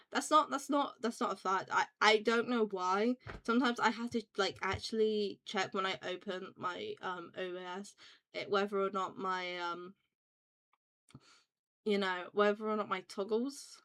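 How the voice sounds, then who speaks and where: A woman's voice: mid-range voice, bright, forceful tone. A young British woman streaming as a VTuber, chatting casually with lots of restarts, fillers and swearing. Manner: rambling, swears freely, frequent restarts and fillers.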